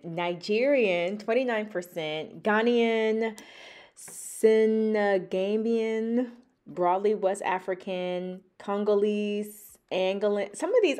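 An adult woman with children vlogs casually to camera, chatting straight to her viewers and calling them y'all. Her voice is mid-range with a dark tone.

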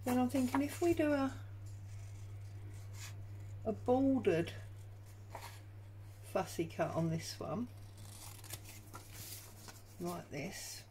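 A woman's voice: fairly high pitch, lively intonation, slow pace, pauses often, mellow, a little hiss or hum, poor audio. A woman hosting a crafting tutorial from her home craft room, chatting and thinking aloud as she works. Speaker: junk journal crafter and channel host.

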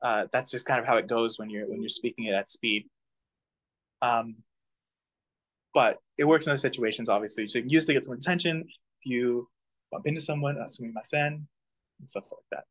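A man's voice: mid-range voice, brisk, long pauses. A man teaching a casual community language class, chuckling now and then and demonstrating pronunciations. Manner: relaxed, chuckling, many fillers, demonstrates pronunciation.

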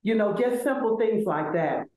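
Older Southern woman guest, emphatic and animated, echoey room. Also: medium pitch, moderate pace, slight background noise. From Selma, Alabama. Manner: emphatic, animated, repeats words as she builds. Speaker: law school administrator, guest. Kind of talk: conversational interview.

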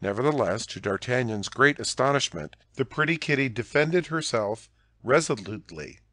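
In a medium-pitched voice, a man gives a measured, expressive audiobook narration. It's a studio-quality recording with no room sound.

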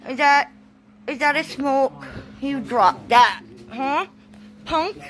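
A woman's voice: high-pitched, expressive, slow, a bit bright, slight background noise. A young woman at home filming her dog, chatting and cooing at it in a sing-song pet voice and laughing often. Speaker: dog owner vlogger. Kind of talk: casual home video narration. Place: home, indoors.

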